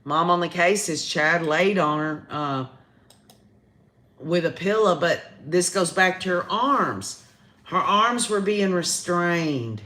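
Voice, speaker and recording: Slow yet animated, this woman's voice is on the low side with a sharp tone. She's a Southern American livestream host giving casual live commentary and addressing her viewers directly.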